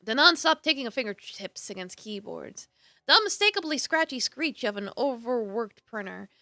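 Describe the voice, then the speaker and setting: Woman streamer, high voice, very animated pitch, reading a game aloud, chatty asides, faint background music. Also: moderate pace, dry recording, clean studio sound. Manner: expressive narration broken by casual asides and laughs.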